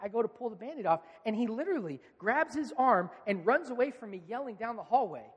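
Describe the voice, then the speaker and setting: A male pastor in his thirties preaching a sermon in a relaxed, conversational storytelling manner, acting out quoted lines. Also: very high-pitched, fast talker, slightly rough, big-room sound.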